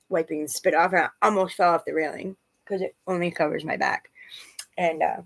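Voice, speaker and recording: Gravelly husky mom venting, rambling on and on, kinda low voice. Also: female voice, brisk, poor audio. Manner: rambling and agitated, quoting others. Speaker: mother. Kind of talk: emotional personal storytelling.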